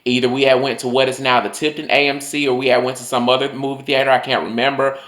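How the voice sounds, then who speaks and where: A young man telling a storytime vlog, loose and profane with lots of fillers, breaking into loud high mocking outbursts. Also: flat delivery, quick pace. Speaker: vlogger. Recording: roomy echo.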